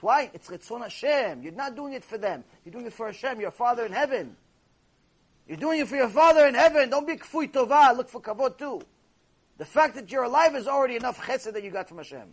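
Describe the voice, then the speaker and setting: A man giving a sermon lecture as a rabbi, animated and storytelling, with Hebrew terms mixed in. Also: very high voice, slightly rough.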